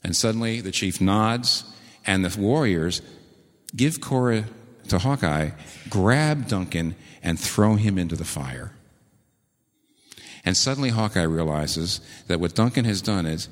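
A man preaching a sermon, telling stories earnestly and slowing down to repeat key words with emphasis. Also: lowish voice, lively intonation, fairly bright tone, big-room sound. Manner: earnest storytelling with slow emphatic repetitions. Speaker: pastor.

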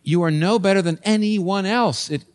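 A man's voice: high voice, normal speed. Emphatic male preacher. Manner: emphatic, with repeated phrases and rhetorical questions. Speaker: pastor. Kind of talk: sermon. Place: church.

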